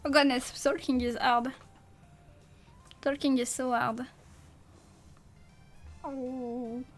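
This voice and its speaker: High-voiced sleepy woman streamer, slow-spoken. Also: flat delivery, soft background music. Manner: silly, playful, rambling with nonsense rhymes; counting dumbbell lifts aloud. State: sleepy, yawning. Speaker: vtuber streamer. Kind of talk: casual late-night livestream chat.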